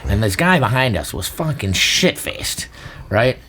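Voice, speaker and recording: A man's voice: medium pitch, measured pace, slightly rough. A man co-hosting a podcast, telling stories in casual chat, laughing often and swearing freely. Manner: animated, laughing, profane storyteller. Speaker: podcast co-host.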